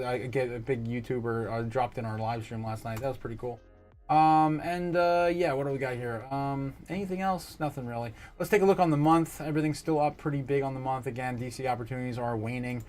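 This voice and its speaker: A man hosting a casual livestream, chatting and reading viewer comments aloud in an excitable, laughing way. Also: mid-range voice. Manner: chatty and excitable, quick laughs and bursts of loudness. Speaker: livestream host.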